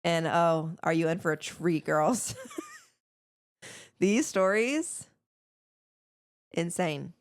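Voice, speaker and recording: Young woman, podcast co-host, low voice, casual chat, reads stories aloud. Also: wildly swooping pitch, dry recording, clean studio sound. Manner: reads listener stories aloud, chatty and quick.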